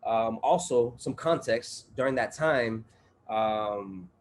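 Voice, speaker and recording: A man's voice: fairly low pitch, slow pace. A man guest on a podcast, telling a story in casual chat, full of profanity, street slang and fillers.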